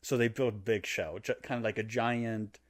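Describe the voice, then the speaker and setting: A man's voice: on the low side, moderate pace. A man co-hosting a podcast, casually and animatedly retelling a video game story, now and then putting on character voices. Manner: animated storytelling, acting out character lines with laughs. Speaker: podcast co-host explaining a game plot. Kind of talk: casual chat.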